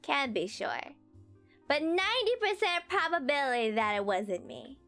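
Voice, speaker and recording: Nerdy hooved critter from a cartoonish game, read by a woman in a nasal nerd voice, lively and bouncy. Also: high voice, moderate pace, soft background music. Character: nerdy, wrinkly hooved party animal.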